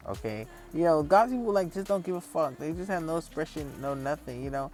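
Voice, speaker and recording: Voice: medium pitch, a little fast, hardly any pauses. Profane rambling vlogger with faint music. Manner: profane, rambling, frequent fillers; lively storyteller acting out others. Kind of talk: casual rambling monologue.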